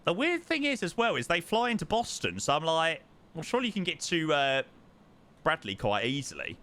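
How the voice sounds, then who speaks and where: A young livestreamer talks casually to his chat while flying a simulator, his fairly high, bright voice swinging widely in pitch. He speaks a little fast with a forceful tone and repeats words for emphasis.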